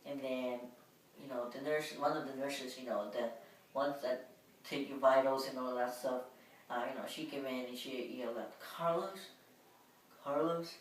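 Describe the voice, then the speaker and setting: A woman's voice: very deep voice, little pitch movement, normal speed, recorded from a distance. A woman vlogger telling a personal story in a casual, rambling way, full of filler words. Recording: very echoey room, voice away from mic, faint hum.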